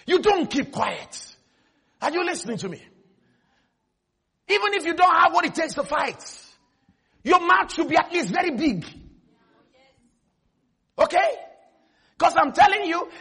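A man preaching a sermon, telling a story with lively energy and often shouting. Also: very high-pitched, measured pace, vocal fry, long pauses.

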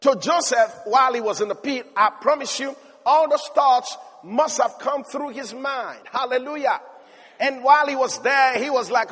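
A preacher with a very high voice delivers an emphatic sermon, climbing to shouts and punctuating with hallelujah. He sounds like he is in a church hall, with long reverb trailing his words. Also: moderate pace.

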